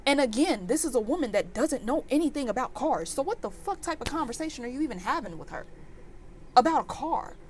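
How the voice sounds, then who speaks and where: A woman in her twenties telling a storytime vlog in an animated, exasperated rant full of fillers. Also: high-pitched, a little fast, slight background noise. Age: 20s. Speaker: vlogger.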